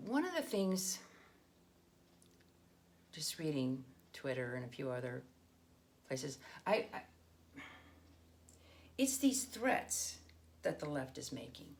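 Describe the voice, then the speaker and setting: Emphatic woman with a low, lively voice. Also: vocal fry. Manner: emphatic, indignant, with frequent restarts. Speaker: political commentary host. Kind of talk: casual political monologue.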